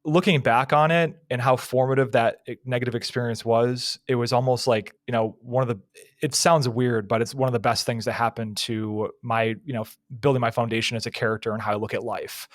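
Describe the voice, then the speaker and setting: A man's voice: medium pitch, fairly even intonation, brisk, no echo, clean studio sound. A young man hosting a podcast, asking questions casually with plenty of "like" and "you know". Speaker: podcast host. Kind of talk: interview questions.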